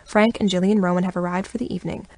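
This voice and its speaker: A young adult woman narrating a first-person audiobook in an expressive, even storytelling manner, on a close studio mic. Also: on the low side, fast, dry recording.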